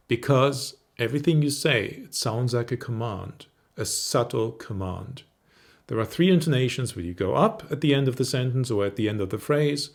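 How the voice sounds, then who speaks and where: A middle-aged man, a confidence coach, teaching straight to camera in a calm, measured way. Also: medium pitch, creaky. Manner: calm, measured, demonstrates intonation.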